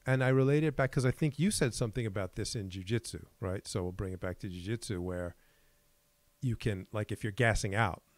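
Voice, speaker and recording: Low-voiced man thinking aloud, halting. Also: no echo. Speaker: podcast host. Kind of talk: casual chat.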